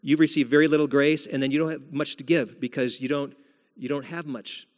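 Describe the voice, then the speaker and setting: A man's voice: a little high, fairly even intonation, a little fast, a little mellow. A man, a senior pastor, delivering a sermon in a church sanctuary, retelling scripture in a conversational storytelling manner. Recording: long hall reverb.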